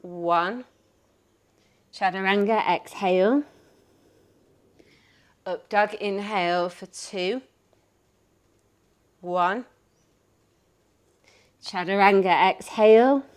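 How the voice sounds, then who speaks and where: A woman teaching a yoga class, cueing poses and breaths in a calm, upbeat way. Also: mid-range voice, extremely slow, pauses often. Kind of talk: guided yoga class instruction.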